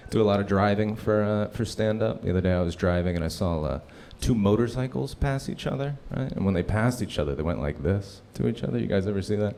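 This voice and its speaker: A man in his thirties doing a live stand-up set at a comedy club, telling stories and acting out people in loud, high voices. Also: fast, vocal fry, few pauses. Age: 30s. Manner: animated storytelling, acts out characters in loud high voices. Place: comedy club stage before a laughing audience.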